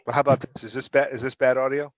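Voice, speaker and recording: A man's voice: medium pitch, little pitch movement, very fast, no echo. Man, podcast host, casual chat, profane, exasperated, dry close sound.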